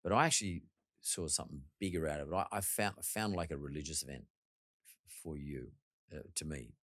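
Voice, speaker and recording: A man's voice: a bass voice, a little fast, a bit bright, no room sound, clean studio sound. A middle-aged man hosting a podcast, telling a candid story in a blunt, reflective way and swearing freely. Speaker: podcast host.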